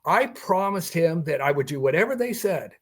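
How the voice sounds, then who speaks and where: An older man with a fairly high, husky, expressive voice, speaking at normal speed, is a guest on a podcast interview. He recounts a personal encounter, acting out the quoted dialogue and chuckling along the way.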